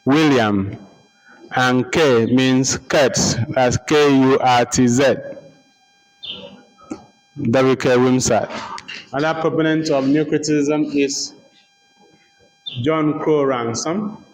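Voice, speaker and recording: A man giving a lecture, slowly repeating names and spelling them out letter by letter for note-taking. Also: mid-range voice, rough recording. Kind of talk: slow dictation-style lecture.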